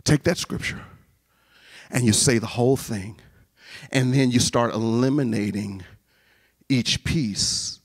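A man's voice: mid-range voice, slow pace, pauses often. A man speaking at a college chapel, telling a humorous personal story in a sermon and acting out the voices of the people in it. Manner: animated, acts out voices in his stories.

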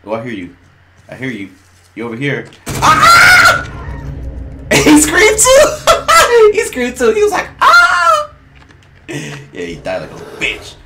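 A man giving casual gameplay commentary, excitable and trash-talking, laughing often and yelling at opponents. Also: medium pitch, measured pace, heavy background noise. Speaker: gamer streamer.

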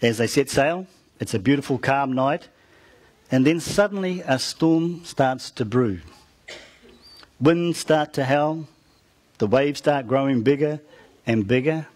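A man's voice: mid-range voice, a little slow, a little mellow. A man preaching, retelling a story to his congregation and calling out to them as he goes. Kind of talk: storytelling sermon.

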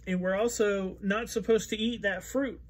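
Male pastor, high-pitched, relaxed conversational Bible teaching with frequent fillers. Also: moderate pace. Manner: conversational, thinking aloud with fillers.

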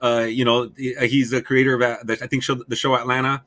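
Bright, excitable man swearing casually. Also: medium pitch, fast. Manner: excited, profane, rambling. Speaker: podcast co-host. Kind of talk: casual chat.

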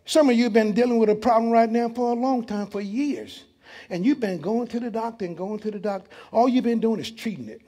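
A man's voice: extremely high pitch, a little fast, mellow. A man, preaching as pastor in a church, emphatic and full of rhetorical questions. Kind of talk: sermon.

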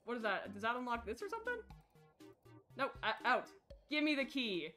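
Chatty bright-voiced young woman streamer. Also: on the high side, moderate pace. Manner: chatty, excitable, squeals thanks to viewers. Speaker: game streamer. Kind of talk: casual live-stream chat while playing. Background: faint background music.

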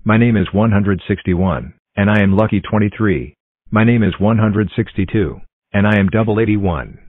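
A man voicing a cheerful male counting-block character with a flat announcing delivery. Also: fairly low pitch, normal speed, dry recording, lightly acted. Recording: tinny dry lo-fi audio.

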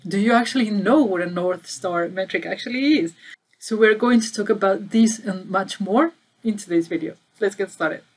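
A woman with a mid-range voice at normal speed, a channel host and data trainer, explains business metrics to camera in a casual explainer video. She is conversational, stresses key words, and asks viewers questions.

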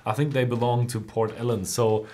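A man's voice: medium pitch, little pitch movement, normal speed, a little mellow. A man, a German native speaker, co-hosting a whisky tasting livestream and chiming in with side facts.

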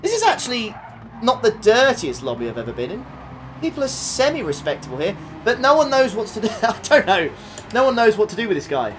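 A young man streaming a racing game, reacting excitably with frequent laughs and quick apologies while talking to his chat. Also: high voice, slight background noise. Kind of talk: live racing game commentary. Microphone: desktop USB condenser mic.

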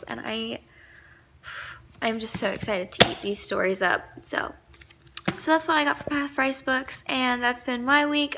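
Bright, high-voiced chatty woman vlogger. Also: a little hiss or hum. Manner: chatty, enthusiastic, rambling. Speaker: book vlogger. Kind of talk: casual vlog chat.

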